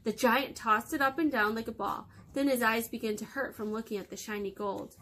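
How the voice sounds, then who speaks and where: A woman reading a fairy tale aloud for children with lively, expressive storytelling. Her voice is bright and clear, pitched a little high, and it rings out. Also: brisk, a little hiss or hum.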